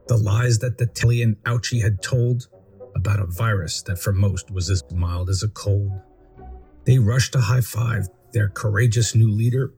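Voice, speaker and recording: Mellow man reading a rhyming poem. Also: fairly low pitch, vocal fry. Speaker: narrator.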